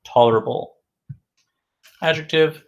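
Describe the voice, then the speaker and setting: A man teaching English vocabulary in a recorded lesson. He repeats each word several times, slowly and clearly, and answers his own questions. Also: on the high side. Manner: asks questions and answers them himself.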